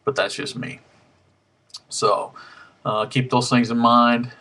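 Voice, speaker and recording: A man's voice: medium pitch, fairly even intonation, takes it slowly, vocal fry, pushed and bright. A man, rambling through a casual webcam vlog at home with lots of ums and restarts, a little out of breath. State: slightly out of breath. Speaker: harmonica hobbyist vlogger. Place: home room. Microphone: webcam mic.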